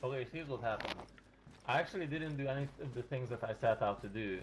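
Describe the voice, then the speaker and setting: A man's voice: medium pitch, fast talker, background noise. A man chatting casually while playing a game, joking and rambling in a self-mocking way over voice chat. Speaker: gamer streamer.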